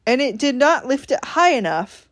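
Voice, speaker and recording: A woman's voice: sits high, sing-song, moderate pace, a bit bright. A woman from Ohio casually telling a story from her week, animatedly acting out what people said. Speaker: vlogger.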